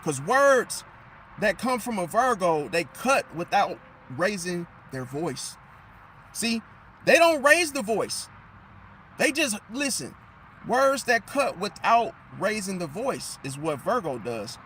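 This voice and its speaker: A man giving an animated, emphatic astrology monologue and losing his voice. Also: sits high, takes it slowly, slight background noise. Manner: animated, emphatic, repeats "see?"; drops into mocking impressions of others. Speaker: astrology commentator. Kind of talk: casual monologue.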